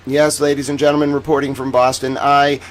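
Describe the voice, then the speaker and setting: A man hosting a livestream news commentary, theatrical and sarcastic, swinging between booming declarations and low mutters. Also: little pitch movement, brisk. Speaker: host. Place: home studio in Boston.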